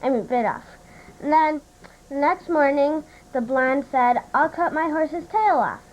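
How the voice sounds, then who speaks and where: A woman's voice: sits high, unhurried. A woman telling jokes at a family holiday gathering at home, chuckling as she goes. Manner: chuckling through her punchlines. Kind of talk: casual joke telling. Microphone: home camcorder. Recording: muffled home camcorder audio with faint hiss.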